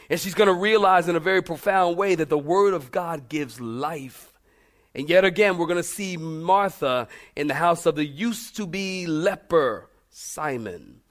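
A middle-aged man preaching a sermon, animated and humorous, calling out to his congregation. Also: fairly high pitch. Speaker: pastor.

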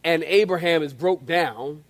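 A man voicing an old, doubting woman who scoffs sarcastically in a low mutter. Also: measured pace, no echo. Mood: scoffing.

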